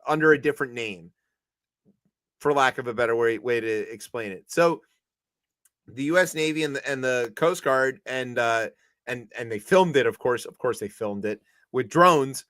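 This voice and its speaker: A man's voice: mid-range voice, moderate pace, fairly bright tone, no echo. A man co-hosting a comedic news chat show, talking casually and animatedly and acting out quoted voices for laughs. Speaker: co-host.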